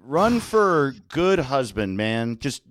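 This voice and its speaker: Guy on a comedy podcast, talks slow, lots of swearing and laughing, dry close sound. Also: mid-range voice, sing-song, no echo. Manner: crude, profane and laughing often. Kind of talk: casual comedic chat.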